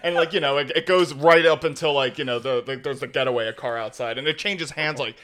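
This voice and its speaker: A young man co-hosting a podcast in loose casual chat. He rambles, trips over his words and laughs a lot, with a bright, forward tone that sits a little high. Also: quick pace. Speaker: podcast co-host.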